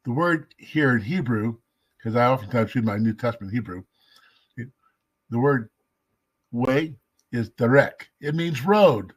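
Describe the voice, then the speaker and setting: A man giving a casual devotional teaching, emphatic, slowing down to stress key words and sometimes dropping to a whisper. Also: medium pitch, animated, slightly rough. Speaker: messianic Jewish teacher.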